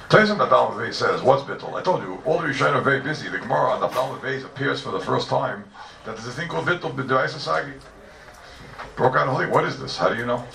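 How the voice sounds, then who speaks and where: A man teaching a Talmud class, animated and full of rhetorical questions, heard from a distance in an echoey room. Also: lowish voice, vocal fry, a little hiss or hum. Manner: animated, rhetorical questions, Yeshivish mix of Hebrew and Yiddish terms. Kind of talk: Talmudic lecture. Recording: echoey room, distant mic, faint ambience.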